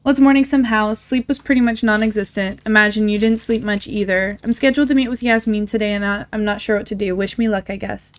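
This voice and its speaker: Woman gamer reading texts out loud, casual, mid pitch, quick asides. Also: fairly even intonation. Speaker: gaming channel host. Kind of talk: let's play, reading game texts aloud.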